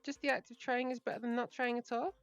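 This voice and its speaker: A woman's voice: fairly high pitch, little pitch movement, fast talker, smooth, no echo, lo-fi sound, faint music behind. A young woman from Britain with an English accent, chatting casually with her livestream viewers and laughing often. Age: young adult. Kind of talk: casual chat reading viewer messages.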